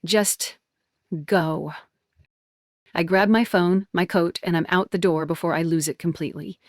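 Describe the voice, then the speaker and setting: A woman narrating a dramatic first-person story in clipped, tense, emotional sentences. Her voice sits fairly low. The recording is dry and close, with no room around it. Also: steady tone, a little fast, no echo.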